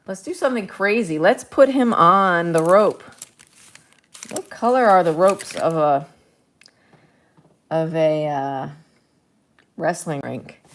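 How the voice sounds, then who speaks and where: Woman artist, low voice, unhurried, chatty running commentary while painting. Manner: chatty, thinking aloud, playful. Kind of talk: casual narration while painting.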